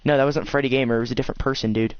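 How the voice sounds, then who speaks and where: A man's voice: mid-range voice, steady tone, racing, muffled recording, crowd noise. A man chatting casually while building in a game on his stream, joking and insisting he isn't kidding. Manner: joking, insistent, keeps swearing he is not kidding. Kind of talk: casual chat over gameplay.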